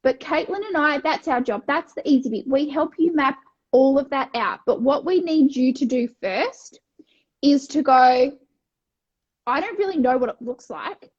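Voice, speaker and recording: A high-pitched Australian woman in her thirties chats energetically on a coaching podcast. She is blunt and swears freely, slipping into voices for her own past thoughts. The recording has a slightly dull, lo-fi sound. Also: lively intonation, moderate pace, a little mellow. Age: 30s. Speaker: wellness coach and co-host. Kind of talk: casual podcast chat.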